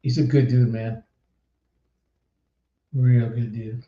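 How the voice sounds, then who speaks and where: A man's voice: mid-range voice, flat delivery, slow pace, reverberant, dull audio, a crowd in the background. A man hosting a live podcast in casual chat, upbeat and laughing easily as he reads viewer comments aloud. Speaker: podcast host.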